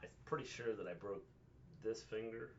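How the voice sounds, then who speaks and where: A man's voice: fairly low pitch, normal speed, muffled recording, a little hiss or hum. A man co-hosting a casual chat, adding dry jokes as he talks. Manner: dry, joking asides. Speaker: co-host.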